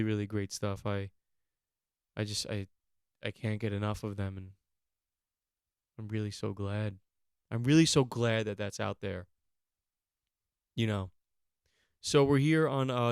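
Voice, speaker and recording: A man's voice: medium pitch, smooth, dry recording, clean studio sound. A young man hosting a podcast in casual chat, rambling, repeating himself and swearing. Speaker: podcast host.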